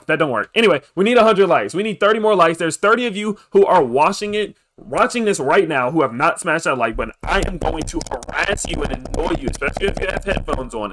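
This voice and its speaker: Young guy live streaming crypto stuff, kinda high voice, bouncing all over, hyping chat for likes. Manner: hyped, pushy about likes, shout-outs. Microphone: desk microphone.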